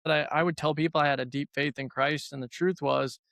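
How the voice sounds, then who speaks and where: A man's voice: a little high, fairly even intonation, fast, gravelly, fairly bright tone, no echo, clean studio sound. A middle-aged man hosting a faith-based conversation, telling stories in an earnest, reflective way. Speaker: podcast host.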